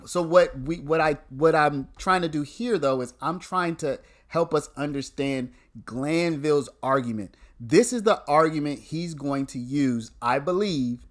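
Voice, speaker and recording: A man's voice: a little high, a little slow. A man, hosting a casual livestream where he explains a legal argument to viewers, repeating points and restarting sentences.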